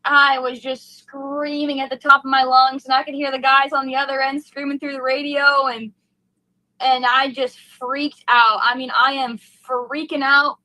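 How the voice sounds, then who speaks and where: Gushing young woman, high and bright. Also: level tone, normal speed, no echo, low-quality recording. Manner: gushing, breathless and heartfelt, rambling with fillers. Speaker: race car driver, interview guest. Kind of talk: emotional post-race interview.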